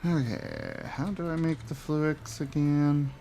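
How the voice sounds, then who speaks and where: A man's voice: on the high side, huge pitch swings, slow pace, creaky, warm tone, slight background noise. A man streaming a game, casually muttering and musing to himself as he plays. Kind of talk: casual gameplay commentary.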